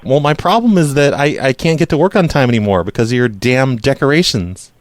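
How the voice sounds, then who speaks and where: A man's voice: mid-range voice, brisk, no echo. A man hosting a radio show, making prank phone calls and talking in a mock-innocent, apologetic way. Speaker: prank call radio host.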